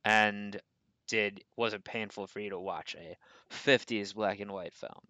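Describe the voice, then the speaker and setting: A man co-hosting a casual movie podcast, with a bright, forceful voice recorded close and dry. He sounds animated and argues back with energy, and his pitch sits a little low. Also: unhurried, no room sound, low-quality recording. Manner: animated, pushes back in debate. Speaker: podcast co-host.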